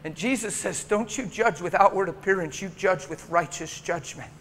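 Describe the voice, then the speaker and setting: Male pastor, middle-aged, emotional storyteller; high pitch, live hall recording with faint noise. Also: moderate pace. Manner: animated, acts out dialogue, emotional. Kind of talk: storytelling sermon.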